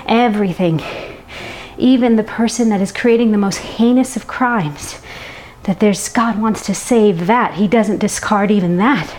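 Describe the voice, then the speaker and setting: A woman preaching a sermon in a reflective, earnest way, breaking into soft laughs now and then. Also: mid-range voice, a little slow, slight background noise.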